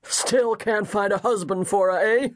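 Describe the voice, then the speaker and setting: A man doing a loud red-faced old gent. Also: high-pitched, fairly even intonation, unhurried, dry recording, studio quality, voice pushed up. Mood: teasing. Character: large red-faced jovial older gentleman, teasing.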